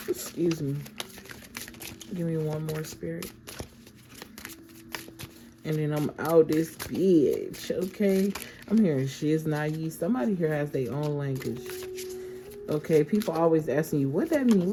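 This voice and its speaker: A woman's voice: low-pitched, background noise. A woman giving a casual, affirming tarot reading and often checking in with "okay?". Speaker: tarot reader.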